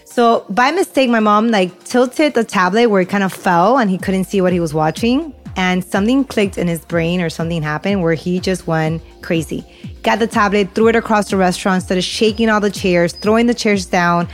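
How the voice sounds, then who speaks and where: A woman's voice: medium pitch, moderate pace, faint music behind. Chatty young woman telling a story. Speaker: podcast co-host. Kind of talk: casual chat.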